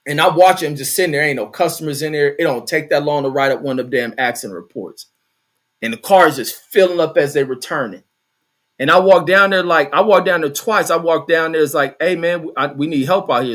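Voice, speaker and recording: A middle-aged man tells a story from his old job in loose, profane, animated talk, stopping now and then to read viewer comments aloud. His voice sits a little high for a man. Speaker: host. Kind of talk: casual storytelling.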